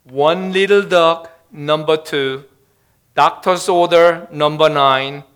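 A little old man with a kindly, solemn way of speaking, as a preacher puts him on. His voice sits a touch above a normal man's pitch and comes out smooth and clear. He delivers his lines slowly and earnestly. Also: fairly even intonation, a bit bright.

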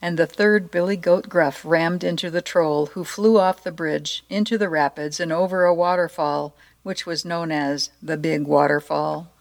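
Playful woman storyteller, slightly low voice. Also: normal speed, few pauses. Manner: playful, expressive reading. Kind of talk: storybook narration and short devotional.

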